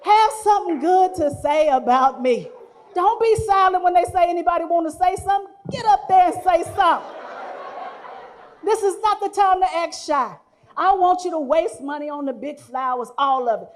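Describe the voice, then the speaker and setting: Forties woman comic, high bright voice, animated storyteller doing bits and impressions. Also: moderate pace. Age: 40s. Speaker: stand-up comedian. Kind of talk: stand-up comedy set. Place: live venue before guests.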